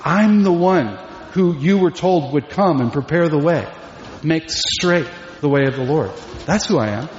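A man's voice: fairly high pitch, lively intonation, a little slow, slight background noise. Emphatic preacher man in an echoey hall. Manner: emphatic, asks rhetorical questions. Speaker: pastor. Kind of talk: sermon. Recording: echoey hall, dull lo-fi sound.

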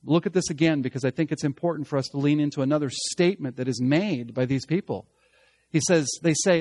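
A man preaching a sermon as pastor, swinging from emphatic loud passages to hushed, slow lines. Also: a little high, no room sound.

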